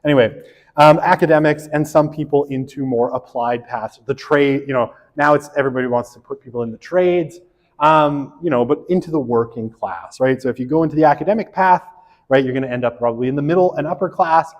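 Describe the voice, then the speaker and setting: A man's voice: mid-range voice, fairly quick, big-room sound. A man gives a casual, joking sociology lecture, full of fillers and tag questions like "right?". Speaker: sociology instructor. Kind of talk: recorded university lecture.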